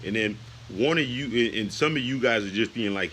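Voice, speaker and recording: A US YouTuber in his late thirties rants heatedly on a casual vlog, repeating himself and saying "you know" and "man" a lot. His fairly low, slightly bright voice moves fairly quickly with few pauses, and the rough recording carries a little hiss or hum.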